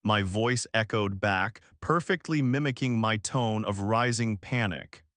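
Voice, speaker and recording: A man reading a first-person horror story aloud as scripted narration, with a measured storytelling delivery. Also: lowish voice, a bit bright, no echo, studio quality.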